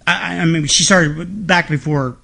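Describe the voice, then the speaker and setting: A man telling stories as a guest on an interview podcast, feisty and frank with a quick sense of humor. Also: a little high, gravelly, bright, forceful tone. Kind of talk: casual storytelling conversation.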